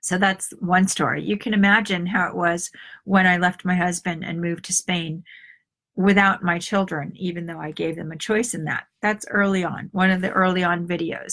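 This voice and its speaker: A woman's voice: lowish voice, normal speed, a bit bright. A middle-aged woman coaching an online group in a live video talk. She tells personal stories in a confiding way and acts out the voices of the people in them. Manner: confiding storyteller who acts out quoted voices. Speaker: life coach.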